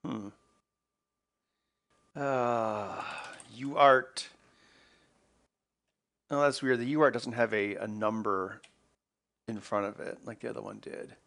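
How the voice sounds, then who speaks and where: A man's voice: lowish voice, steady tone, slow, creaky, pauses often, a bit bright. A man hosting an electronics video, talking casually to himself as he works through a problem. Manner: muttering to himself while working. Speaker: electronics maker host. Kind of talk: casual work-along narration.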